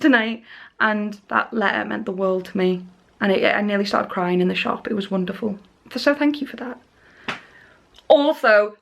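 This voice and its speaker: A young woman, talking straight to her viewers in a casual vlog. Her voice sits high, and she tells her story in a chatty, animated rush, breaking into nervous laughs and restarting her sentences. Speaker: vlogger.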